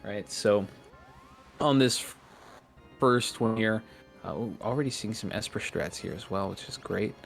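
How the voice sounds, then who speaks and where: An upbeat man co-hosting a game stream, casual and friendly. He reads out viewer shoutouts and lays out the stages of a fight. Soft music plays underneath. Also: on the low side, normal speed, gravelly, long pauses. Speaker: esports co-commentator.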